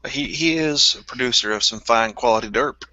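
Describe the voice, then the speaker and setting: A man's voice: mid-range voice, a little fast, sharp tone, no room sound, dull audio. A man making dry wisecracks in a casual voice chat.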